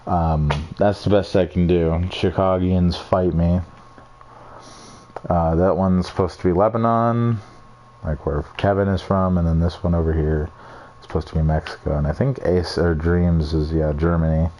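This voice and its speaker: A man's voice: deep voice, steady tone, normal speed, mellow. A young man casually walking through his game builds, rambling, swearing freely and putting down his own work. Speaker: gamer showing off builds. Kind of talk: casual screen-recorded walkthrough.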